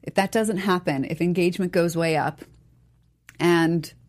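A woman in a casual political talk, earnest and halting, searching for her words. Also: lowish voice, a little mellow.

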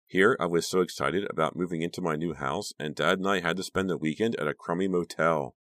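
A man's voice: deep voice, a little fast, fairly bright tone, no echo. A man voicing a clingy, pouty teenage girl with a creepy streak in an audiobook reading. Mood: chatty.

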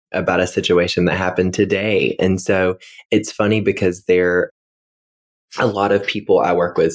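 Male co-host, very low voice, dry and self-mocking, loose chatty delivery. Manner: wry, self-deprecating storyteller with frequent fillers. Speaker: podcast co-host, middle school English teacher. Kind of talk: casual podcast chat.

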